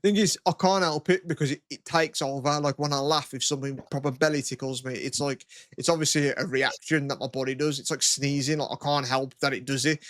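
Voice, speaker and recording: A man's voice: medium pitch, steady tone, fairly quick, hardly any pauses, fairly bright tone, no echo, clean studio sound. A young English man, a podcast co-host, telling funny stories in casual chat, swearing and laughing. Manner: storytelling, swearing, breaks into laughter.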